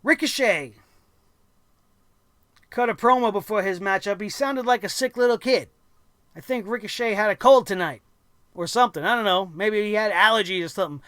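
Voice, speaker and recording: A man's voice: high-pitched, moderate pace, pauses often, pushed and bright, no room sound. A man hosting a wrestling review show, ranting bluntly and sarcastically with plenty of swearing.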